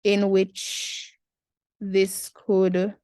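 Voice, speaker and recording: A woman's voice: medium pitch, completely flat delivery, drawn-out words, dark tone, no room sound, studio quality. A Jamaican woman in her twenties, talking through an essay in a casual, chatty tutorial with slangy asides. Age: 20s.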